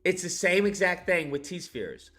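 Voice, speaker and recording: A man reviewing a film in a casual rant, animated and profane, laughing as he recaps scenes. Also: high-pitched, unhurried, faint music behind.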